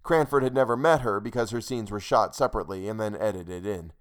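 A man narrating a short story for a podcast, steady and measured. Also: fairly low pitch. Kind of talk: scripted fiction narration.

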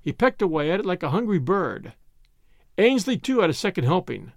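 Man narrating, gravelly and lively. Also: high-pitched, brisk, no room sound, clean studio sound. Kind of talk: audiobook narration.

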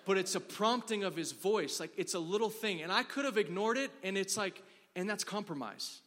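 A man from Dallas delivers a sermon in a fairly high, bright voice. He tells stories casually, with many fillers and acted-out quotes. The sound carries a long reverb from a large hall. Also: animated, brisk. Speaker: preacher. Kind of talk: sermon with storytelling.

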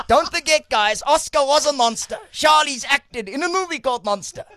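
A man's voice: extremely high pitch, lively intonation, normal speed, sharp tone, no echo, clean studio sound, full character voice. A man voicing a cheeky male ventriloquist puppet, cracking jokes in a radio interview and laughing at his own lines. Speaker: comedian guest. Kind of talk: comedic radio interview banter.

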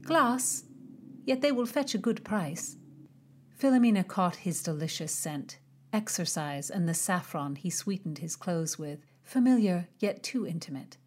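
Low-voiced woman narrating an audiobook. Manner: measured, expressive storytelling. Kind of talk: scripted narration of a historical romance.

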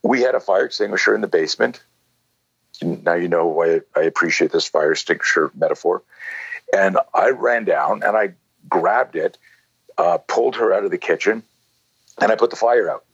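Deep husky-voiced man in his sixties. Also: normal speed, fairly bright tone, no echo, highs cut off. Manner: rambling, lots of "you know" and "like". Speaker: self-defense instructor, guest. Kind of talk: conversational storytelling.

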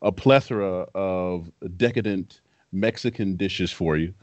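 A man co-hosting a podcast in casual chat, telling animated stories and laughing often. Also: low-pitched, measured pace, dry recording. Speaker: podcast co-host, former football player. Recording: dry, dull lo-fi sound.

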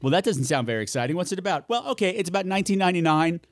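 A man hosting a solo podcast, chatting in an animated, campy way, swearing freely and talking to himself. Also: sits high, very fast, dry recording. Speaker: podcast host. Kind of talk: solo podcast chat, horror recommendations.

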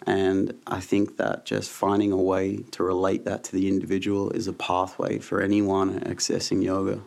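A man's voice: low voice, completely flat delivery, moderate pace, creaky, darkish tone. A man, a yoga teacher speaking as an interview guest, frank and laid-back as he tells stories. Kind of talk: casual interview chat.

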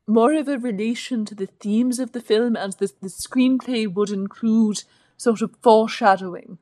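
A woman's voice: on the high side, normal speed, warm tone, no room sound. Sardonic woman in a dry close recording. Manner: fluent, sardonic critique in long sentences. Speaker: podcast co-host. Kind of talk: casual chat reviewing a film.

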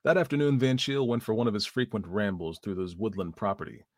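Low-voiced male storyteller. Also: fairly even intonation, quick pace, a little mellow, no room sound, studio quality. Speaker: narrator. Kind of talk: storytelling reading.

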